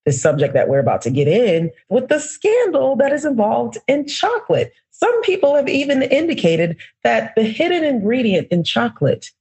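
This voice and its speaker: A woman hosting a podcast in a lively, playful, slangy way, with her voice swinging high for emphasis. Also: moderate pace, hardly any pauses, slightly rough. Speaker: podcast host. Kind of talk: casual podcast chat.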